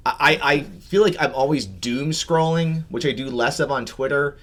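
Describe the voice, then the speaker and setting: A man's voice: on the high side, moderate pace, a bit bright. A man co-hosting a tabletop gaming chat show, talking casually and rambling with repeated words.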